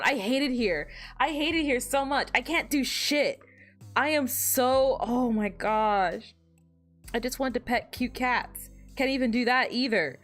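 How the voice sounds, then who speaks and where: Hoarse young woman rambling on stream. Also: on the high side, measured pace, fairly bright tone, faint music behind. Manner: rambling, self-deprecating, frequent restarts and fillers. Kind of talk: casual livestream chat.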